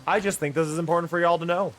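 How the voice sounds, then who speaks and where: A man chatting playfully and excitably with viewers during a live gaming stream. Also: a little high, very fast, faint music behind. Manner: playful, excitable, talks to chat.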